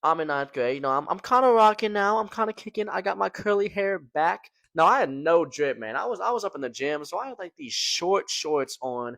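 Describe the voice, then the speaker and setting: A man's voice: high-pitched, a little fast, vocal fry, hardly any pauses, dry recording. Slangy young man telling a story. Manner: slangy, animated, fillers like "man" and "right?". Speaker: storytelling vlogger. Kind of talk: casual storytelling to camera.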